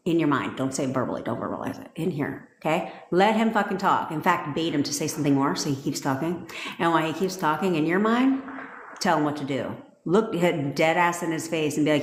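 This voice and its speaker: A blunt, fast-swearing woman coaching her viewers in a loose live-stream chat. Her voice sits fairly low and bounces around a roomy, echoey space. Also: lively intonation, a little hiss or hum. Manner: blunt, profane and emphatic. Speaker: manifestation coach. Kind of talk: casual live-stream talk. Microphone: phone. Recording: echoey room.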